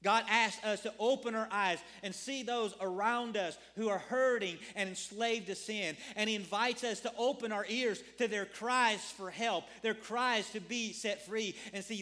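High-voiced man preaching a sermon. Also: unhurried, hardly any pauses, pushed and bright. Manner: earnest preaching with repetition and rhetorical questions. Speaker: pastor.

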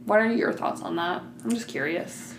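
A woman's voice: on the low side, moderate pace. A woman in her twenties from the American North, co-hosting a podcast in casual, blunt, chatty talk. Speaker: podcast co-host. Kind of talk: casual chat. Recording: echoey room with faint hiss.

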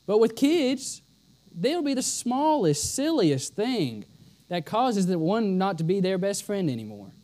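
A man's voice: high voice, big pitch swings, a little slow, dark tone. A man preaching a sermon with emphasis, often repeating a line for stress.

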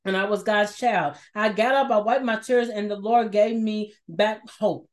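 A woman's voice: mid-range voice, fairly even intonation, moderate pace. A woman preaching an emotional, repetitive sermon and sharing her own testimony of struggle. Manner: passionate, repetitive, emphatic; shares personal testimony.

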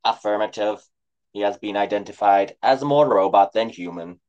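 A man voicing a friendly hipster robot who talks in a slow, flat, mechanical way. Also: fairly low pitch, clean tone, highs cut off, natural voice. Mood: deadpan.

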